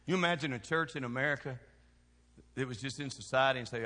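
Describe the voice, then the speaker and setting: A man from Kentucky with a Southern accent, a pastor preaching a sermon that swings from hushed lows to shouted exhortation. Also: quick pace. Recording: long hall reverb.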